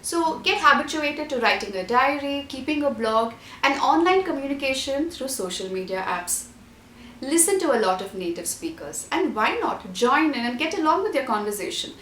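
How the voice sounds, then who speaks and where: A woman's voice: high voice, sing-song, normal speed, fairly bright tone, reverberant, a little hiss or hum. A woman giving a scripted online exam-prep lesson, listing tips and repeating key points. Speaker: IELTS tutor.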